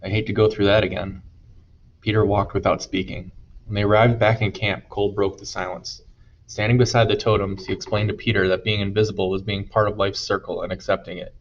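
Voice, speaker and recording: A man narrating an audiobook chapter in a steady storytelling manner. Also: on the low side, brisk, dull audio, slight background noise. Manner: steady storytelling, voices dialogue. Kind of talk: scripted narration.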